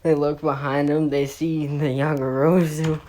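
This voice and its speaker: A woman's voice: deep voice, little pitch movement, a little slow, dark tone, a little hiss or hum. A woman casually improvising a fan story, rambling and swearing with many fillers.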